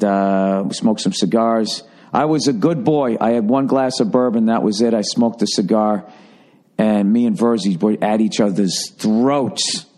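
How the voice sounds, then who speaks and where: A middle-aged man from the Boston area hosting a podcast, telling a rambling, profanity-laced story in a casual monologue. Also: lowish voice. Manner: profane, rambling, animated when doing quoted voices. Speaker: podcast host.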